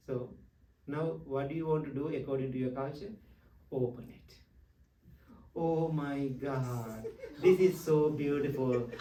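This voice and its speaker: A man's voice: mid-range voice, darkish tone. A man from Sri Lanka, a Buddhist monk giving a dharma talk full of stories, playful and teasing as he questions his listeners. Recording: echoey room, far from mic.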